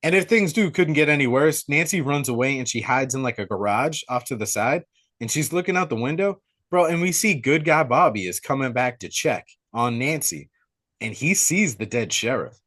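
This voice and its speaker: A young man recaps a movie plot on a podcast with casual, excitable energy, calling his listener "dude" over and over. His voice sits in an ordinary male middle register. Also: medium pitch, normal speed. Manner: excitable storyteller, slangy, says dude a lot. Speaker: podcast host. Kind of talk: casual movie-review chat.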